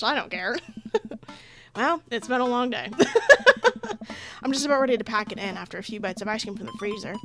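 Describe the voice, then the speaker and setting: A woman's voice: mid-range voice, moderate pace, long pauses, fairly bright tone, a little hiss or hum. A young woman playing a dating game, chatting casually, reading the story aloud and laughing often. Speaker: let's play gamer.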